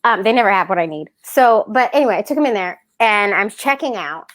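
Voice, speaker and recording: A woman, co-hosting a casual podcast chat, telling animated stories and acting out her toddler. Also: mid-range voice, fairly quick. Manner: animated storytelling, laughs often, acts out her toddler. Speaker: podcast co-host.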